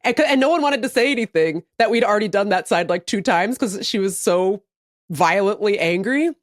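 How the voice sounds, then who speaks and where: A woman co-hosting a podcast, telling a story in casual chat, animated and profane. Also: mid-range voice, brisk, no echo, clean studio sound. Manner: animated, profane, acts out other people's lines. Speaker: podcast co-host.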